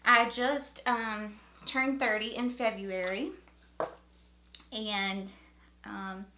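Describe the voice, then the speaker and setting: A woman's voice: medium pitch, steady tone, very slow, sharp tone, reverberant, a little hiss or hum. A woman in her thirties from North Carolina with a Southern accent, chatting upbeat through a makeup tutorial. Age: 30s. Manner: chatty, upbeat, repeats words for emphasis. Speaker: beauty vlogger. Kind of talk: casual makeup tutorial chat.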